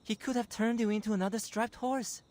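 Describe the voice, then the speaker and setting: A man's voice: high-pitched, steady tone, fairly quick, darkish tone, no echo, pitched above the performer's own voice, close to an everyday voice. A man voicing a worried young companion, speaking in an alarmed, scolding way.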